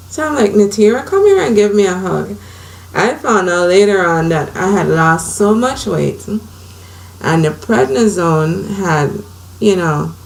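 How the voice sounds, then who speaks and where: A woman's voice: lowish voice, gravelly, poor audio. A middle-aged woman from Saint Croix telling her personal story at home in a candid, conversational way. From Saint Croix, US Virgin Islands. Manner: candid, conversational, emotional retelling. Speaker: vlogger.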